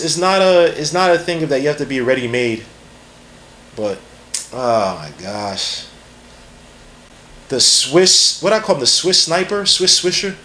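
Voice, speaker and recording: A man hosting a podcast and giving live, rambling, slang-heavy draft commentary. He is excitable and jumps quickly from one thought to the next. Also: fairly high pitch, slight background noise. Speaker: podcast host.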